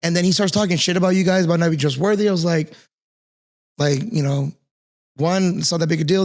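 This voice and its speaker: Host guy, kinda high voice, earnest and blunt, swears a lot. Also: fast. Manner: earnest, candid, swears freely. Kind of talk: casual interview chat.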